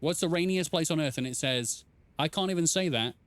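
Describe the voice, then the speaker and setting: A man's voice: on the high side, brisk, a bit bright, no room sound. A man casually commenting while streaming a game, playful and rambling, reading chat aloud.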